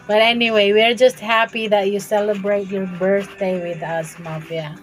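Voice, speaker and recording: A woman's voice: mid-range voice, poor audio. A woman streaming a game from her room at home, chatting with viewers and laughing often. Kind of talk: live gameplay stream chat.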